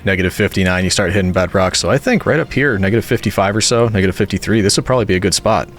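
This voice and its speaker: A man's voice: lowish voice, racing. A man casually commenting on his Minecraft gameplay as a YouTuber, chatty and talking to himself, sometimes getting flustered when things go wrong. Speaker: gaming YouTuber.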